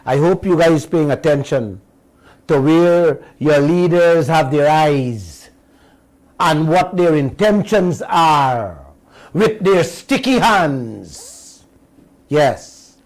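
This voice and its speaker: Slow, emphatic high-voiced man. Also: darkish tone, poor audio. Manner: emphatic, drawn-out words, addresses listeners as uncle and auntie. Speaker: radio show host. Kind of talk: political commentary monologue.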